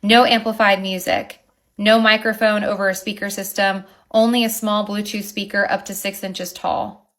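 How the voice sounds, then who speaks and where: Bright-voiced woman telling her side. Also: mid-range voice, moderate pace. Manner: animated, indignant storytelling. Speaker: wedding venue owner. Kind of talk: recounting a neighbor dispute to camera.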